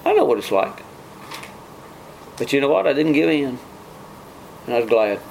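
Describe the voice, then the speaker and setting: A man's voice: medium pitch, very animated, moderate pace, vocal fry, a little mellow, a little hiss or hum, rough recording. A man preaching a sermon in an earnest way, often restarting phrases and mimicking scoffers. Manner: earnest, repetitive restarts, mock-quotes scoffers.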